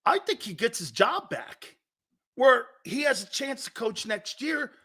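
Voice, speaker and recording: A man's voice: extremely high pitch, very animated, a little slow, bright, forceful tone, breathy edge. A middle-aged man hosting a sports talk show, chatting casually, laughing often mid-sentence and firing questions at his crew. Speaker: sports radio host.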